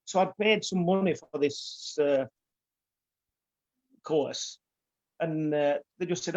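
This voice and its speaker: Older man, rambling story, slightly high voice, dull lo-fi sound. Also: measured pace, long pauses. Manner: rambling anecdotes with many fillers. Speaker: guest barber. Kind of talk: casual storytelling.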